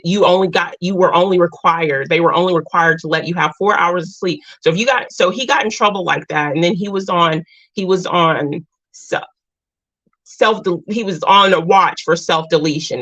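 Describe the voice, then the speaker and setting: A woman hosting a casual chat with viewers, speaking earnestly with halting restarts. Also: fairly low pitch, a bit bright. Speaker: channel host. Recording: dull lo-fi sound.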